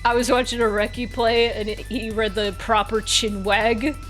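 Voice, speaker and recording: A woman streamer reading a visual novel aloud, laughing often and breaking off into animated chat. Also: fairly high pitch, moderate pace, faint music behind. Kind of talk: narrating a story and chatting.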